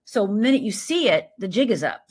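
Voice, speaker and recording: Middle-aged lady coach, lively and emphatic, kinda breathy voice. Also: mid-range voice, a little fast. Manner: animated, emphatic, lively storytelling with quoted voices. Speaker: life coach guest. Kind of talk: conversational interview.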